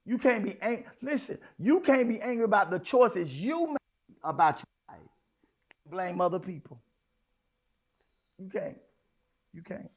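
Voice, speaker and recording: A man preaching a sermon in a folksy, conversational way, swinging between hushed asides and loud outbursts. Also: sits high, expressive, measured pace, long pauses. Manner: folksy, addresses congregation as y'all, child, honey. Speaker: apostle preaching.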